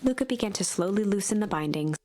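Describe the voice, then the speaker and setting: A woman streamer reads an interactive storybook aloud, her mid-range voice even and measured. Between passages she drops into easy, chatty asides. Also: medium pitch. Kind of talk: read-aloud storybook narration.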